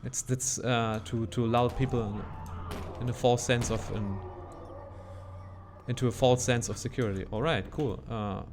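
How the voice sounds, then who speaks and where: A man's voice: medium pitch, normal speed, background noise. Man muttering through a horror game. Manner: muttering reactions and self-corrections. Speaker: gaming channel host. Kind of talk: let's play commentary.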